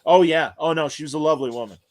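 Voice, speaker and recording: Male host, slightly high voice, chatty rambling storyteller, casual interview. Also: rapid-fire, crowd noise. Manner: rambling anecdotal storyteller, many fillers. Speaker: podcast host.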